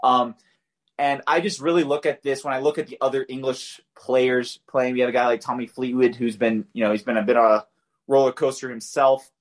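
A man's voice: mid-range voice, steady tone, a little fast. A man co-hosting a podcast, giving golf betting picks in a loose, conversational way with fillers and restarts. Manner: conversational, loose, filler-heavy, self-correcting. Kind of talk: casual betting picks talk.

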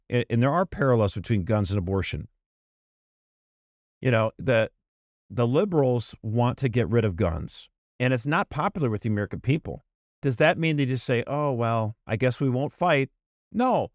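A man's voice: medium pitch, no room sound, clean studio sound. Emphatic man co-hosting a podcast. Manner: fast, emphatic, animated with restarts. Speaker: podcast co-host. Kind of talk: casual political chat.

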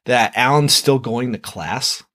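A man's voice: medium pitch, a little slow, pushed and bright. A man co-hosting a podcast, chatting casually about a horror movie, swearing and incredulous. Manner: profane, incredulous, laughing. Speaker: podcast co-host. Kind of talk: casual movie recap chat.

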